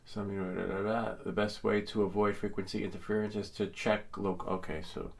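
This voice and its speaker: Gravelly low-voiced man reviewing exam questions. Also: steady tone, a little fast. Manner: reads questions aloud with offhand joking asides. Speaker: drone exam tutor. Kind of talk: casual exam walkthrough.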